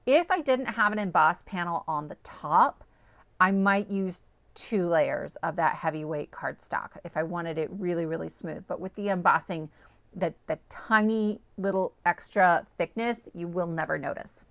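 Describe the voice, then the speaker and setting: A woman's voice: on the low side, normal speed, fairly bright tone, no room sound. A woman host walking viewers through a card-making project, chatty and upbeat, often checking in with "okay?" and "right?". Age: adult, parent of small children. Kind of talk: step-by-step crafting tutorial.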